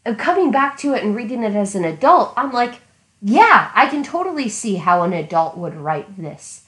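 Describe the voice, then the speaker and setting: A woman in casual book discussion, ranting animatedly and acting out what she shouted at the book. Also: a little high, moderate pace, reverberant, poor audio. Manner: animated ranting, acting out her younger self. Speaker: podcast co-host.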